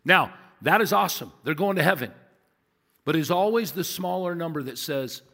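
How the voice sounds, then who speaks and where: A man in his fifties preaches a sermon from the pulpit of a large church. His voice sits a little high for a man and carries emphatic, repeated phrases and rhetorical questions. A long reverb hangs after his words. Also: fairly quick, sharp tone. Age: 50s. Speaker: pastor.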